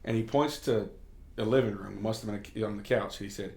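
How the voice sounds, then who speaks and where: In a laid-back sit-down talk, this Kentucky state representative is candid and full of stories, letting a curse slip at times. His fairly low voice is creaky and a little mellow, a bit fast, with roomy sound.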